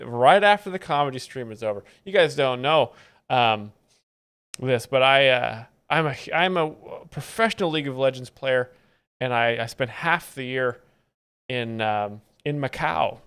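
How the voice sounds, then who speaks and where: A man hosting a live comedy stream, giving casual, sardonic, deadpan commentary. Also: medium pitch, smooth.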